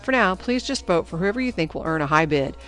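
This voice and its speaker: A woman voicing a stern female junior high teacher who gives brisk, commanding instructions to her class in a storybook reading. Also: animated, faint music behind, lightly acted.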